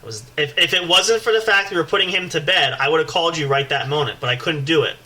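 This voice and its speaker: A man co-hosting a podcast, telling a story in an animated, rambling way, with swearing and constant restarts. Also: fairly high pitch, quick pace, poor audio. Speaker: podcast co-host. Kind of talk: casual podcast banter.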